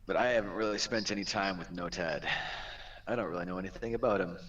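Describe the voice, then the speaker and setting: A man's voice: deep voice, quick pace, a bit bright, lo-fi sound. A man playing a tabletop game, asking probing questions in a playful way. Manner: inquisitive, playful. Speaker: player.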